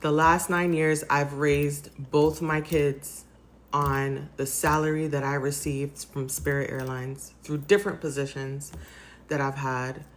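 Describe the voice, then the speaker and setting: Low-voiced woman vlogging after crying all night, soft and halting, lots of ums. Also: level tone, a little hiss or hum. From United States. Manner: soft, halting, rambling with fillers. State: tearful, crying. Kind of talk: emotional personal vlog.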